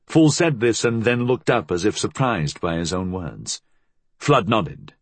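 A man narrating a story as an audiobook reader with a measured, expressive delivery. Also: on the low side, husky, no room sound. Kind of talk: scripted narration.

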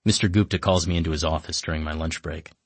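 A man narrating a comic first-person story in a wry, deadpan way. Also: a bass voice, quick pace, no echo.

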